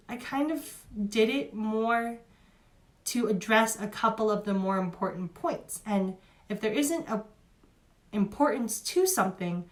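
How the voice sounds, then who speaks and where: A young woman giving a casual spoken review, chatty and emotional, with many fillers and restarts. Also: medium pitch.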